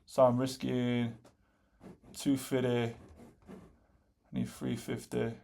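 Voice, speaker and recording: A man's voice: mid-range voice, monotone, slow pace, creaky, a little mellow, a little hiss or hum. A young British man giving casual, slangy, swear-heavy commentary on his live trades, exasperated by near misses. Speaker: day trader.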